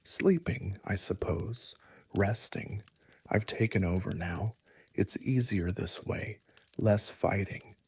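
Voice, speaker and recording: A man voicing a woman possessed by a calm, clipped British male pilot, speaking softly. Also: lowish voice, slow pace, gravelly, breathy edge, exaggerated voice. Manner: calm, clipped, soft-spoken.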